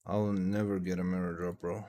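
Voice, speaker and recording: A man's voice: deep voice, level tone, normal speed, warm tone. A man from Tunisia, chatting casually and profanely on a game livestream. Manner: loose, profane, rambling storytelling. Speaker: game streamer.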